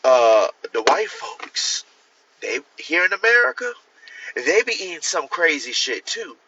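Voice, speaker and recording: Male livestream host, casual and profane, rambling; bright, forceful tone, muffled phone audio. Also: fairly high pitch, very animated, a little slow, slight background noise. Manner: profane, rambling, talks straight to viewers; answers viewer comments. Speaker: author hosting a livestream.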